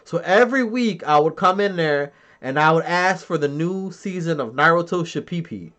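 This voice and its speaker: A man's voice: fairly high pitch, animated, moderate pace, fairly bright tone. A man in his thirties hosting a podcast, chatting casually, joking and swearing as he reads chat comments and tells stories. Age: 30s. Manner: profane, joking storyteller who laughs often. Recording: dull lo-fi sound.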